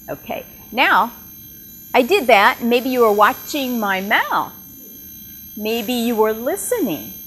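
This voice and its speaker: A woman presenting at a teaching workshop, speaking deliberately and enunciating sounds carefully as she demonstrates. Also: on the low side, a little hiss or hum. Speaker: ESL tutor trainer presenting at a workshop. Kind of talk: workshop presentation with live demo. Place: workshop room with whiteboard.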